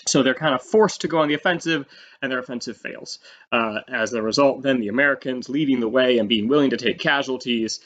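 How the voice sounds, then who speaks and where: A man at medium pitch teaches a history lesson in a loose, conversational way. He drops in fillers and livens up the explanation by acting out short quotes. The audio is slightly dull and lo-fi. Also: brisk. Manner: casual, animated, with fillers and acted-out quotes.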